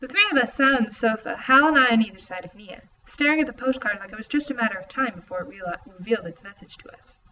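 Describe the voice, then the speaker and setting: A woman narrating a young adult novel in the first person, in an expressive, lively reading style. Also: a little high, fast talker, hardly any pauses. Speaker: audiobook reader. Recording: distant, muffled, faint hiss.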